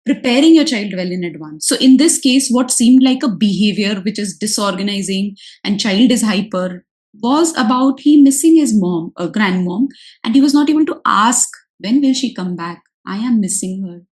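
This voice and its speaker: Woman, therapist talking to parents, earnest, keeps repeating her main points, mid-pitched voice. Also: expressive, normal speed, darkish tone, low-quality recording. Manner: earnest, repeats key points, gives examples. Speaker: occupational therapist. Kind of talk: advice talk to parents.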